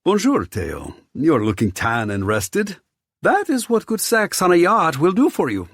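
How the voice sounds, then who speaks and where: A man's voice: a little high, huge pitch swings, a little slow, slightly rough, dry recording, clean studio sound, pitched above the performer's own voice, full character voice. A male narrator voicing a flamboyant, effusive man, speaking in a raised, theatrical, teasing voice. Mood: gushing.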